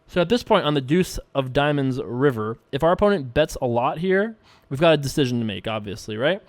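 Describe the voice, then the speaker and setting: A young man in casual commentary, talking through his poker hands and thinking out loud with playful asides. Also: medium pitch, expressive, a little fast, no room sound. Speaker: poker streamer and show host. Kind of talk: casual commentary while playing online poker.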